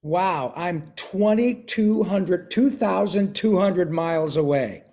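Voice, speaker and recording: Taking it slowly in a high, mellow voice, an older voice actor chats with schoolchildren over a video call and reads them a picture book, now and then clearing his throat.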